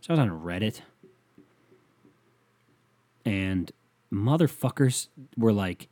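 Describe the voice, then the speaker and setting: Young man, low pitch, mellow tone, profane rambling podcast rant, dry close mic. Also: lively intonation, slow pace, long pauses, no echo. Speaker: podcast host. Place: bedroom. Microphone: leaning on the mic.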